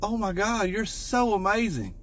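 A sweet, overly grateful wife who gushes at everything, put on by a man. The voice goes up high into a sing-song lilt, soft and a little breathless with agreement. Comic sketch delivery. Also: very animated, normal speed. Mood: gushing.

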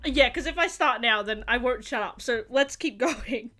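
A young woman hosts a live reaction to a TV episode and yells and swears at the screen. Her voice is very high and bright. Between outbursts she talks slowly. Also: faint music behind. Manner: excitable, shouts and swears at the screen. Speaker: reaction video host.

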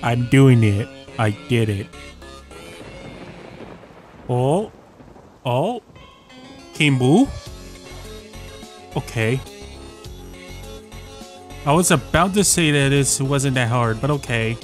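A man's voice: medium pitch, expressive, very slow, pauses often. A young man playing a rhythm game at home, swearing, ranting and repeating himself when he keeps losing. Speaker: gaming YouTuber. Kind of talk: profane frustrated gameplay commentary. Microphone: desk mic, sometimes moved away. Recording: faint game music behind.

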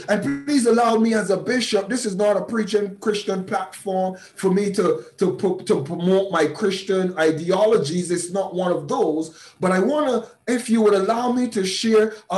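A man who is a bishop, mentoring a class in a preaching style. He is emphatic, repeats words and breaks into sudden shouts. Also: high voice, reverberant. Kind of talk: motivational teaching talk in a preaching style.

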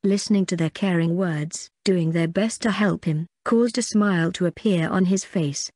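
A woman narrating an audiobook in a steady, even reading. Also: on the low side, normal speed, few pauses, no room sound, studio quality. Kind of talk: scripted narration.

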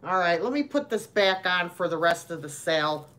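A woman's voice: lowish voice, animated, normal speed, a bit bright. A woman hosting a live sale, talking in a chatty, rambling way with lots of fillers. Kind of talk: live-stream sales chat.

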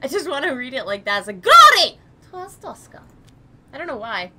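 Bright, animated woman gamer, swearing loudly. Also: on the high side, slight background noise. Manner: swears freely, yells mock-official orders at characters; reads on-screen text aloud haltingly. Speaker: let's play gamer. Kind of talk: casual game commentary.

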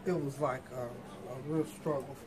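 A woman's voice: a bass voice, steady tone, a little slow. A middle-aged woman, the vlogger's mother, chatting in a folksy, teasing way. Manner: folksy, teasing, homespun sayings. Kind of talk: casual chat. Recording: noisy store recording.

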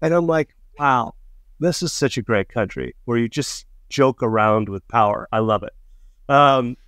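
A man's voice: medium pitch, a little slow, clear, resonant tone, no echo, studio quality. A man casually telling a funny road story, acting out the voices of the people in it. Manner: animated, acts out quoted voices, laughs mid-story. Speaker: storyteller guest.

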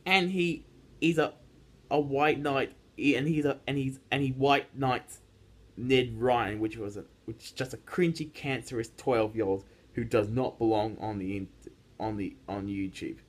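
A man's voice: mid-range voice, steady tone, measured pace. A teenage boy ranting casually to his viewers, rambling with frequent restarts and repeated words. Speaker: YouTube ranter. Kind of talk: casual rant vlog.

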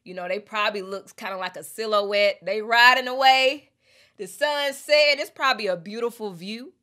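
A young woman, chatting expressively in a casual lyric breakdown and reading lyrics aloud slowly. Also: fairly high pitch, bright, forceful tone. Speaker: music reaction host.

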